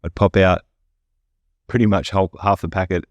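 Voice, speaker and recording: Deep-voiced aussie guy rambling on his podcast, high on edibles, swears a lot, dry close sound. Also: fairly even intonation, moderate pace, dry recording, lo-fi sound. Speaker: podcast host. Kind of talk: casual stoner chat.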